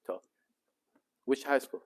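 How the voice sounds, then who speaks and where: A middle-aged man, a sheikh, chatting casually and jokingly with teenagers in a mosque youth program. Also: slow pace. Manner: easygoing and joking. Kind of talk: casual chat with teens.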